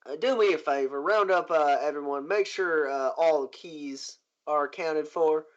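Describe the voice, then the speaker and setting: A man's voice: a little high, normal speed, lightly acted. A man voicing a polite, genteel riverboat owner who talks in a courteous old-fashioned drawl. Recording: muffled lo-fi recording.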